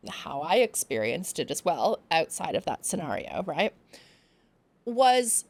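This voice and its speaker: A woman hosting her own podcast, telling a personal story in a candid, casual way, swearing freely and acting out quotes with big jumps in pitch. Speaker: podcast host.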